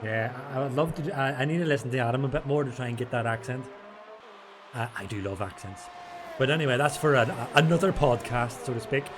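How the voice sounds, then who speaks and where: A man's voice: mid-range voice, quick pace. Joking male race caster, noisy feed. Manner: joking, drifts into playful put-on accents. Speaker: sim racing caster. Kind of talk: live race commentary. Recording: clear background noise.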